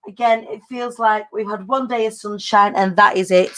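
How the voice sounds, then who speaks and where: A woman's voice: medium pitch, fairly even intonation, moderate pace, a bit bright. A woman, hosting a casual live-stream chat in a bubbly way, full of British slang. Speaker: host.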